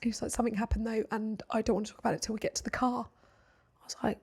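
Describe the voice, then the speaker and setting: A pregnant woman hosting a podcast in casual chat, telling a story with animation and softly acting out her son's lines. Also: on the high side, level tone, racing, husky. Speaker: podcast host.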